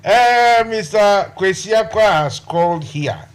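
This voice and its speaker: A man hosting a night-time talk radio show in a relaxed, hesitant way. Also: high voice, slow pace, smooth.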